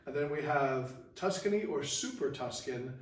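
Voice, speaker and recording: A man's voice: on the high side, expressive, normal speed, echoey room, distant mic. A man co-hosting a wine show, upbeat, leading the tasting and moving between wines. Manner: upbeat, leads the tasting and segues. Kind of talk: casual wine tasting chat.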